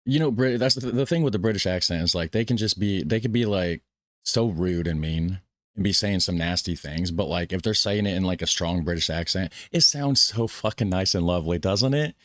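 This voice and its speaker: Man, very low voice, casual rambling reaction host, dry close sound. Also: brisk, fairly bright tone, dry recording. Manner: rambling, chatty, swears casually. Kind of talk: casual live reaction commentary.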